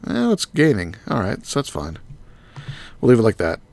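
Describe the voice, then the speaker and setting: Guy streaming his game, kinda low voice with fry, mumbling item names to himself. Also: huge pitch swings, moderate pace, darkish tone. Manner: thinks aloud, muttering item names. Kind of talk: live gameplay commentary.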